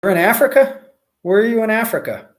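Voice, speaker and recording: An American man in Mexico hosts a casual livestream, reading viewer comments and rambling with lots of fillers and restarts. His voice sits high and sounds animated and fast.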